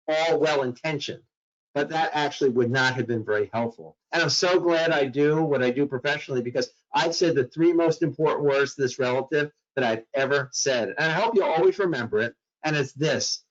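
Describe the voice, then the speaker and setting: A man's voice: fairly high pitch, brisk, highs cut off. A man giving a talk on mental health to workplace staff, telling a story dramatically and acting out the voices in it.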